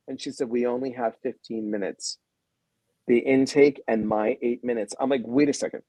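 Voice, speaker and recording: A man hosting a casual wellness livestream, effusive and heartfelt as he speaks straight to his viewers. His voice sits at an everyday middle pitch. The sound is close and dry, with no room around it. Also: normal speed, a little mellow, no room sound, rough recording. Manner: effusive and heartfelt, retelling conversations with quoted voices; talks straight to viewers, greeting them by name.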